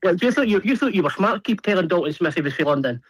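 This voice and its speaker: A man's voice: high voice, animated, fast talker, slightly rough, no echo, poor audio. A man chatting casually about boxing, teasing and mocking persistently. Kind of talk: casual chat and argument.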